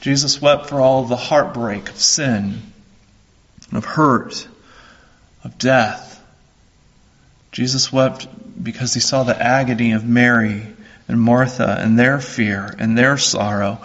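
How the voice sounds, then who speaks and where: Slow, earnest husky-voiced preacher man. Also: mid-range voice, steady tone, fairly bright tone, highs cut off. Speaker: pastor. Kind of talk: sermon.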